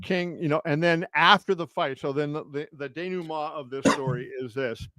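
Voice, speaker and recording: A man's voice: on the high side, normal speed, pushed and bright, dry recording. A man hosting a live stream as a boxing journalist, telling stories with many fillers and restarts and acting out quotes with a raised voice. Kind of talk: casual live-stream storytelling. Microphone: home setup on a live video stream.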